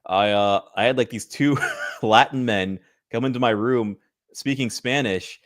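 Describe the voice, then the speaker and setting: A man's voice: mid-range voice, measured pace, no echo, studio quality. A man co-hosting a podcast, chatting casually and telling rambling anecdotes. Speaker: podcast co-host. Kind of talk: casual chat.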